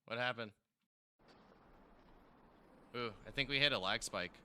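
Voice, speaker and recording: A man's voice: mid-range voice, a little slow, sharp tone, slight background noise. A man running a tabletop game as game master over voice chat, hesitant and full of fillers, laughing easily.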